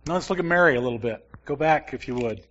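Man, mid-pitch, Bible teacher, chatty and questioning, muffled lo-fi recording. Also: lively intonation, fast talker, fairly bright tone. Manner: conversational, asks the class questions.

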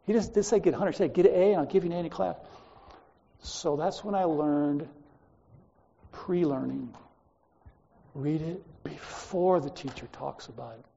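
A man's voice: on the high side, moderate pace, creaky, pauses often, dark tone, muffled recording, slight background noise. A man teaching a Bible class, lecturing and telling stories from his school days to students, speaking to them directly in a chatty way.

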